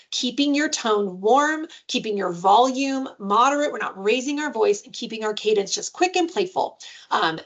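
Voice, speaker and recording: Woman giving a parenting webinar, chatty, lots of "right?" and "um", mid pitch. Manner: conversational, frequent "right?" and "um"; jumps into playful high-pitched voices when giving examples. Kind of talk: webinar presentation.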